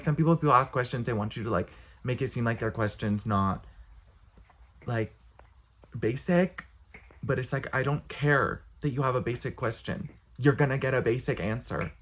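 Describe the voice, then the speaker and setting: A young man ranting casually to camera, exasperated, blunt and profane. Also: medium pitch. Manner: exasperated, blunt, profane, talks with quick bursts. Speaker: vlogger.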